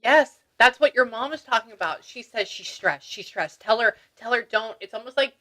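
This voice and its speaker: A woman spiritual medium giving a reading, animated and exclamatory, breaking off to mutter asides. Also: a little high, moderate pace, few pauses. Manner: excited, exclamatory.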